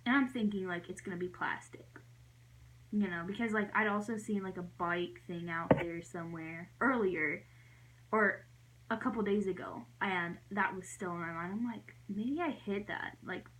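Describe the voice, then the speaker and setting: Young woman vlogger, casual storytime, rambly, animated, heavy "like" fillers. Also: normal speed, rough recording. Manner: animated, jumping high when acting out her own reactions.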